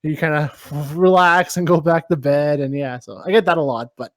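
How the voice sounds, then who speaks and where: A man's voice: fairly high pitch, moderate pace, no room sound. A man co-hosting a podcast, chatting casually and laughing at himself. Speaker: podcast co-host.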